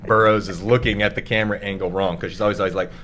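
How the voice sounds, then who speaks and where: A man talking as a podcast guest, animated and acting out other people's voices. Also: on the low side, very fast, slight background noise. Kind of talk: casual chat.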